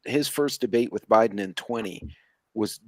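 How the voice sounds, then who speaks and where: A man's voice: fairly low pitch, normal speed, dry recording. A man in a casual chat, telling stories with a wry, dry humor. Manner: wry, storytelling.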